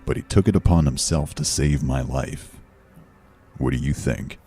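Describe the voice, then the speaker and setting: A man giving a slow, measured scripted horror narration. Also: rumbling low, dark tone, soft background music. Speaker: story narrator.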